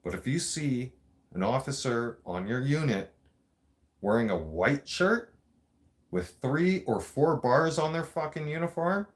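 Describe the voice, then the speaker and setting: A man's voice: mid-range voice, expressive, unhurried. A man hosting a show, telling a story in a blunt, casual way, swearing constantly and talking straight to his listeners. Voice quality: blunt, heavy swearing, streetwise.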